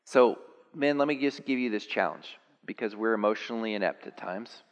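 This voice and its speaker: A man preaching a sermon, animated and building to high, excited peaks. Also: a little fast, muffled recording. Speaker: pastor. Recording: long hall reverb.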